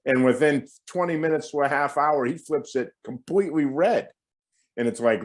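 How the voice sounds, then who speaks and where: A middle-aged man talking casually in a finance interview, chatty and animated, with many fillers and asides. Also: mid-range voice, moderate pace. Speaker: guest market strategist.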